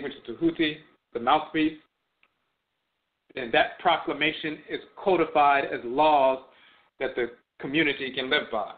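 A man giving a spoken lecture on religion, repeating key terms for emphasis as he explains words. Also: a little high. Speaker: teacher of religion and language. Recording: tinny phone-like audio.

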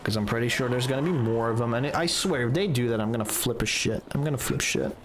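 A man's voice: mid-range voice, fast talker. A man doing let's play commentary as a gaming streamer, ranting with profane exasperation. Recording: clear background noise.

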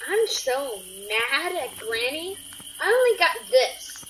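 A woman's voice: high voice, sing-song, extremely slow, a little hiss or hum. A woman giving jumpy, chatty commentary while playing a horror game, full of exclamations. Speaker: gaming video creator. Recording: distant voice with loud game music.

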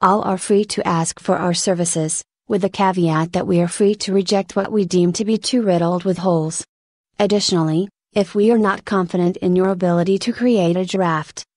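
A woman voicing a composed senior male reviewer who speaks formally and in measured terms, in a spoken story reading. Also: lowish voice, steady tone, darkish tone, no echo, studio quality, natural voice.

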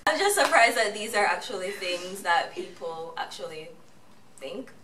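A woman's voice: mid-range voice, moderate pace. A young woman hosting a vlog in casual, playful chat, laughing often. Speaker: vlog host. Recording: echoey room, voice from a distance, faint noise.

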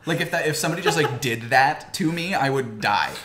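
A man's voice: mid-range voice, animated, fairly quick, a bit bright. A young man co-hosting a podcast in casual chat, joking and swearing with frequent laughs. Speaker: podcast co-host. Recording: echoey room, faint background noise.

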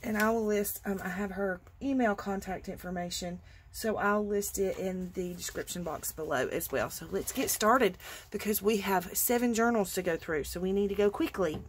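A woman's voice: mid-range voice, normal speed, a little hiss or hum. A woman from Georgia, hosting a casual craft vlog and gushing with enthusiasm over what she shows, at times dropping to a near-whisper. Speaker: craft channel host. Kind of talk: casual show-and-tell vlog.

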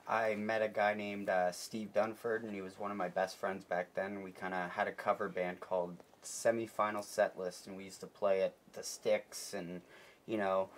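A man's voice: low-pitched, level tone, moderate pace, a little hiss or hum. A man who plays drums in a band, telling a story about the band's beginnings in a casual interview, with hesitant fillers. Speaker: band drummer.

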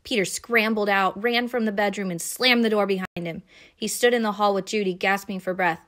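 A young adult woman reads a children's story aloud with expressive, animated narration. Her voice sits at a middle pitch. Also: fairly quick.

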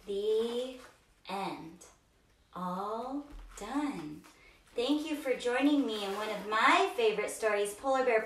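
Slow, sing-song woman reading to kids. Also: medium pitch, fairly bright tone, slight background noise. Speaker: kids yoga teacher. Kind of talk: children's storytime read-aloud with movement. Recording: roomy, distant from mic.

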